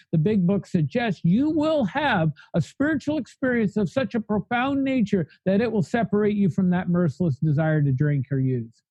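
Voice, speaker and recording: A man's voice: sits high, dark tone, no room sound, highs cut off. A man telling his recovery story in a podcast interview, blunt and fiery, speaking in long spoken lists. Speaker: guest sharing recovery story.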